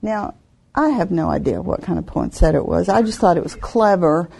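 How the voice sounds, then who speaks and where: A woman telling a personal faith testimony in an earnest, reflective way, with soft laughs now and then. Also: lowish voice, lively intonation, fairly quick, creaky, breathy edge.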